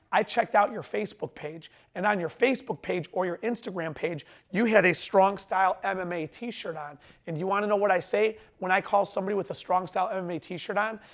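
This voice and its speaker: A middle-aged man coaching salespeople straight to camera in a high, bright voice. He talks fast and emphatically and sometimes runs his words together, and a tiredness sits under his energy. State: tired after a long lecture. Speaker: sales trainer. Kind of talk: direct-to-camera sales lesson.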